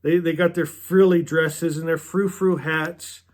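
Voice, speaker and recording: A man with a high voice talks through a novel in a slow, unhurried way. He is earnest and chatty, laughing now and then as he reads passages aloud for his book club. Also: fairly even intonation. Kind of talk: casual book discussion and reading aloud.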